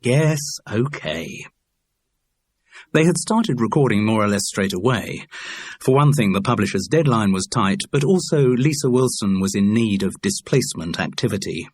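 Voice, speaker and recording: Low, husky male narrator. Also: expressive, normal speed, darkish tone, no room sound. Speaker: audiobook narrator. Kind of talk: scripted narration.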